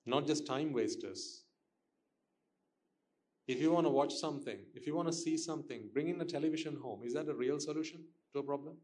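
A man's voice: a little high, a little mellow. A man giving a Buddhist dharma talk to listeners, questioning them and repeating his points for emphasis. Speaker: Buddhist teacher.

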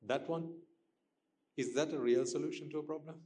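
A man's voice: a little high, steady tone, a little fast, warm tone. A man giving a Buddhist dharma talk to listeners, questioning them and repeating his points for emphasis. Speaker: Buddhist teacher.

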